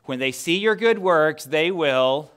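A man preaching a sermon as a pastor, conversational, asking his congregation rhetorical questions and moving between loud emphasis and a hushed near-whisper. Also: fairly high pitch, lively intonation, a little slow, clear, resonant tone. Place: church sanctuary.

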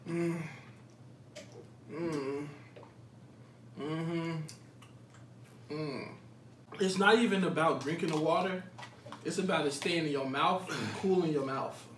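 A man's voice: on the high side, slow, pauses often, distant mic. A young man vlogging a food challenge, his mouth burning, exclaiming and groaning in slangy casual banter. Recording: roomy echo, off-mic, faint noise.

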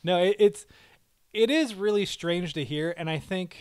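A man co-hosting a podcast in casual chat, animated and quick to slip into playful voices. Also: high-pitched, smooth. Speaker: podcast co-host.

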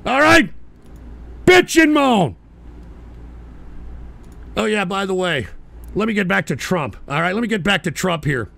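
A man's voice: sits high, animated, brisk, creaky, bright, forceful tone. A middle-aged American man hosting a radio talk show, ranting profanely and abrasively at his chat. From United States.

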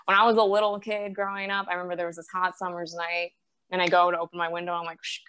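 A young woman from upstate New York doing a stand-up set, telling stories and jumping into a louder, higher voice to act out her mother. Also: little pitch movement, fast, slight background noise. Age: 20s. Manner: mimics her mother in a loud, higher, exaggerated voice. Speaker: stand-up comic.

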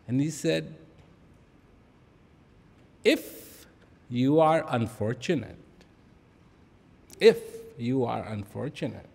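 A man giving a reflective spiritual talk, telling a story with dramatic pauses, repeated phrases and sudden drops to a whisper. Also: on the high side, gravelly, a little mellow, breathy edge. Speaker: spiritual speaker. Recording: long reverb of a large hall.

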